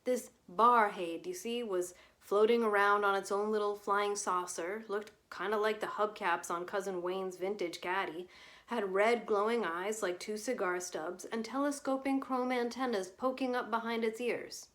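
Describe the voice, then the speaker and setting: A glib male journalist, as a woman reader puts him on, talks in a breezy, sardonic, lecturing way. He sounds like he has an easy answer for everything. The voice sits in an ordinary middle pitch. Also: fairly even intonation, normal speed, a bit bright, lightly acted. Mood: storytelling. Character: glib wisecracking male journalist, cynical debunker.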